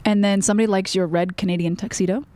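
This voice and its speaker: A woman's voice: medium pitch, fairly even intonation, quick pace, a crowd in the background. A woman co-hosting a casual livestream from a motorcycle shop, reading out viewer questions with a dry, teasing manner.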